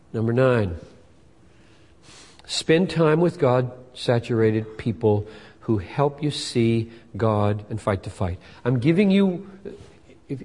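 Older guy preaching, mellow warm voice, loud then quiet, big echoey hall. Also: medium pitch. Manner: emphatic, swinging between loud bursts and soft asides. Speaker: pastor. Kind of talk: sermon. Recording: long hall reverb.

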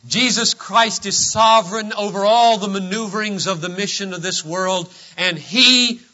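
Male pastor, high and piercingly bright voice, emphatic pulpit delivery, muffled lo-fi sermon tape. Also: fairly even intonation, normal speed. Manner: emphatic pulpit preaching, swinging between loud and hushed. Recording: dull lo-fi sermon recording.

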